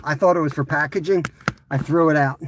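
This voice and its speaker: A man's voice: on the high side, steady tone, fairly quick, heavy background noise. A man in his fifties chatting casually on a fishing live stream outdoors by the water, rambling and poking fun at himself. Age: 50s. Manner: rambling, chatty, self-mocking. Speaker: fishing livestream host. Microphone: camera on a tripod.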